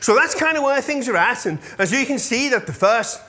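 A man's voice: very high voice, lively intonation, fairly quick, sharp tone, a little hiss or hum. A man in his fifties, a pastor giving a casual update to his congregation, chatty and often checking in with his listeners, easily moved when he thanks them. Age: 50s.

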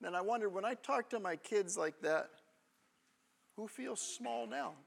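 A man's voice: sits high, expressive, measured pace, gravelly. A man in his thirties preaching a sermon in a conversational way, often checking in with the congregation. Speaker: pastor.

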